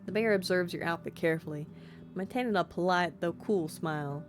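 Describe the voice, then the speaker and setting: Woman streamer reading out a story game, chatty and giggly, kinda low voice, light music behind. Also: a little fast. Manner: chatty, self-deprecating, giggly, reads text aloud. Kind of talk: casual let's-play commentary and narration.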